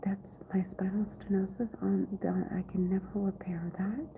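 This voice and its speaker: A woman vlogging from her office in a rambling monologue, often half-whispered and halting, with many restarts. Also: medium pitch, flat delivery, dark tone. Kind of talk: rambling live-stream monologue. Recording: tinny phone-like recording, faint noise.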